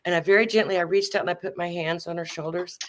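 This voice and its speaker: A middle-aged woman hosting a casual chat, telling a story in an animated way, acting out quotes and swearing freely. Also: fairly low pitch, fast talker. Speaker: host.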